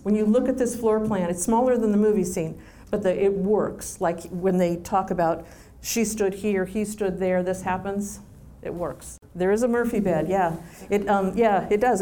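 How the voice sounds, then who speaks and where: Chatty woman, mellow voice. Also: mid-range voice. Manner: chatty with many ums and restarts. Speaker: author's granddaughter answering audience questions. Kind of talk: casual Q&A answers.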